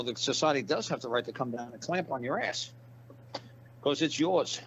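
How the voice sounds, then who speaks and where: A man's voice: medium pitch, a bit bright. Blunt, profane man on a lo-fi line. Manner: blunt, profane, rambling storyteller. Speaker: interview guest. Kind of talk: casual interview talk. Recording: dull lo-fi audio with background hiss.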